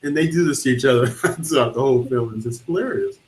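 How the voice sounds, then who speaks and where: A man co-hosting a film review show, chatting casually and pausing with fillers as he searches for words. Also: mid-range voice, low-quality recording. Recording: faint background noise.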